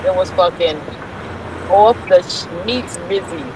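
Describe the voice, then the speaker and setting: A woman who owns a store, chatting casually while driving home and telling a lively story with curses. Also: on the low side, measured pace. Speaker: store owner calling in. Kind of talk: casual chat. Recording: car noise in the background.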